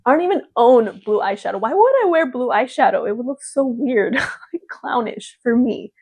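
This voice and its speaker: A woman's voice: a little high, expressive, normal speed, darkish tone, slightly rough, dry recording. A young woman vlogging in a casual chat to camera, talking freely and laughing often. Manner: chatty, laughs often, mimics gushing voices.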